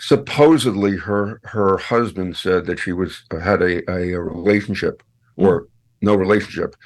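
A man appearing as a guest on a radio show, chatting casually and telling stories with lively swings up in pitch for punchlines. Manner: animated storyteller, swings high for punchlines. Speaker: guest, podcast host.

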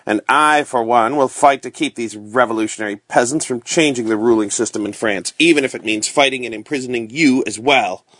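A man's voice: medium pitch, fairly even intonation, quick pace, hardly any pauses, a bit bright, dry recording, lightly acted. A man reading aloud as a cruel, proud aristocratic uncle who speaks sternly and with a sneer.

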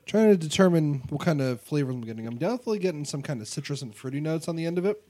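A man's voice: on the high side, expressive, racing, warm tone. A man co-hosting a podcast in casual chat, joking around and reviewing drinks. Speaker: podcast co-host.

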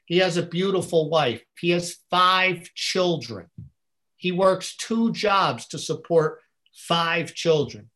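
Middle-aged male guest, slightly high voice, earnest storyteller who acts out conversations. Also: slow pace, pushed and bright.

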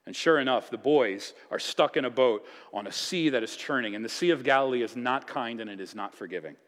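A man preaching a sermon, telling the story in a lively, casual way and acting out voices. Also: mid-range voice, brisk. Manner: animated storytelling, acts out voices with casual asides. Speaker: pastor. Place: church sanctuary. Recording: long reverb of a church hall.

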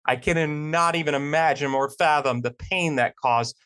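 A man's voice: on the high side, moderate pace, fairly bright tone, clean tone. A man hosting a podcast, asking his guest questions in a friendly, admiring way. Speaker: podcast host. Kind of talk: interview questions.

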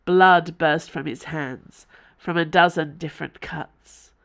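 A woman's voice: deep voice, steady tone, slow, gravelly, fairly bright tone. A woman author from Tasmania, reading her fiction aloud as podcast narrator. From Tasmania, Australia.

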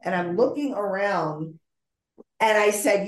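A woman's voice: lowish voice, takes it slowly, reverberant. A woman being interviewed as a psychic medium, telling a story vividly, acting out the dialogue and often restarting her sentences.

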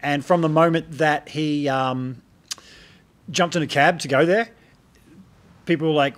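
A man's voice: a little high, fairly even intonation, normal speed, pauses often. A middle-aged man hosting a casual chat, telling stories and asking questions. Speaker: host.

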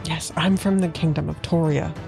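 A woman's voice: low voice, fairly even intonation, normal speed, gravelly. A woman player in a tabletop game, speaking in a hesitant, polite way. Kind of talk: tabletop role-play chat. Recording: music behind the talk.

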